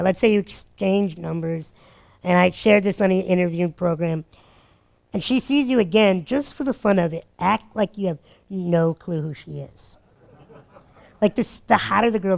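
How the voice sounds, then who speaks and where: A man giving dating advice through energetic, animated stories, acting out what people said and laughing often. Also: high voice, vocal fry. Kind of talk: animated storytelling talk.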